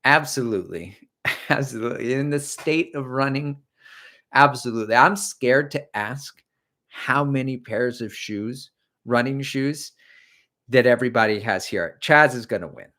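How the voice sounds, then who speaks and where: Middle-aged guy rambling on his livestream, easygoing running-coach chat, mid pitch. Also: unhurried, pushed and bright. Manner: chatty, rambling, answers viewer comments. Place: home.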